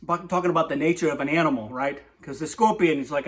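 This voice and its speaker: Rambling man with a slightly high voice. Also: fast, hardly any pauses. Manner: rambling, digressive, lots of "right?". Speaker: comic poetry host. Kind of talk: rambling comic monologue.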